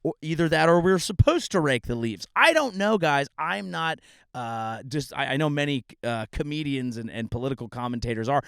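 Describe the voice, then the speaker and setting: Sarcastic rambling comedian, dry sound. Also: male voice, medium pitch, clean tone, dry recording. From California. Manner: sarcastic, rambling, bursts into shouting. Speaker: comedian podcast host. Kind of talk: comedic monologue. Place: outdoors in a grassy meadow.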